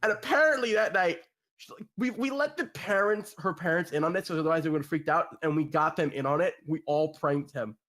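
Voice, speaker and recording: A young man telling an animated, profane prank story on a podcast, laughing as he goes. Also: on the high side, a little fast. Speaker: podcast co-host. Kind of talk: casual storytelling.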